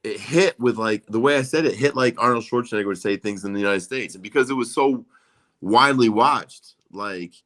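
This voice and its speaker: A man's voice: lowish voice, fairly quick, a bit bright. A man in his forties, a guest in a casual interview, talking in a rambling way with lots of fillers and frequent swearing.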